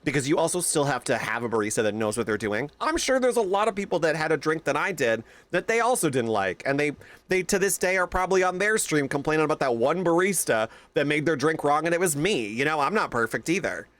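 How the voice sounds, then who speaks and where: A young man streaming, chatting casually with his viewers, telling animated stories and greeting them by name. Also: fairly high pitch, fast talker.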